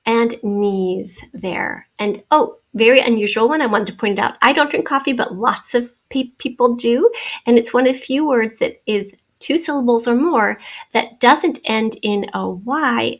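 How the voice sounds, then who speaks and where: A woman's voice: fairly high pitch, normal speed. A woman teaching a spelling lesson, patiently sounding out words and letters as she draws on the screen.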